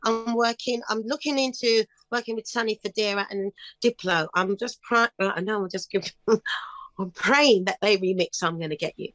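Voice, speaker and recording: A middle-aged woman talks in an interview with a chirpy, upbeat manner and brings her stories to life. Her voice sits at an everyday pitch. The recording is close and dry, with no room sound. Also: moderate pace, no room sound. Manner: chirpy, upbeat, animated storytelling. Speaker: guest singer. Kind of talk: casual interview chat.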